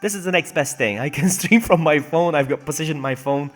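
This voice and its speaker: A young man casually commentates a video game he's streaming on a phone, joking, laughing often, and reading game text aloud. His fairly high voice is brisk, with soft background music.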